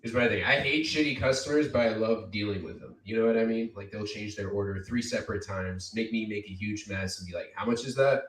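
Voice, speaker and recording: A man with a low voice talks through a stand-up set, rambling and halting with lots of fillers. He sounds far from the mic, in an echoey basement room. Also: fairly bright tone. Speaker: stand-up comedian. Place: basement cafe venue.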